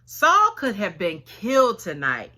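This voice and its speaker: An earnest young warrior, acted by a woman preacher, presses his case with one pleading question after another. He slips into casual slang and takes his time, with a lively rise and fall. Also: mid-range voice, measured pace, full character voice.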